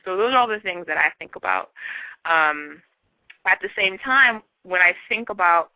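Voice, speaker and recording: A woman in her twenties from Nigeria, speaking frankly and thoughtfully as an interview guest, halting with many fillers. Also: lowish voice, no echo, phone-quality sound. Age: 20s. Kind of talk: candid interview talk.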